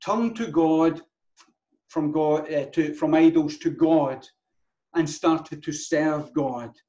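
A man's voice: a little high, takes it slowly, warm tone, highs cut off. A man preaching a sermon as the church's pastor, earnest, often restarting and repeating words.

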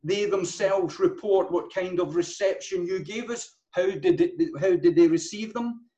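Earnest preaching man, slightly high voice. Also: unhurried, dark tone, low-quality recording. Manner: earnest preaching with frequent restarts and repeated words. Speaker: pastor. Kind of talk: sermon.

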